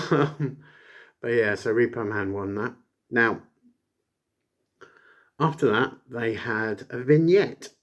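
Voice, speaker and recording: A man's voice: mid-range voice, slow pace, long pauses. A man casually reviewing an old wrestling show, rambling with many fillers and jokey asides. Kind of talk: casual chat.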